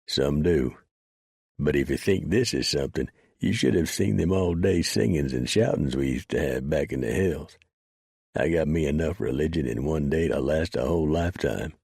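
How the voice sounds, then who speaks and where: A man voicing a blunt, rough frontier mountain man who drawls in backwoods grammar with dry sarcasm. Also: extremely low pitch, normal speed, a little mellow, no room sound, exaggerated voice. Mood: gruff.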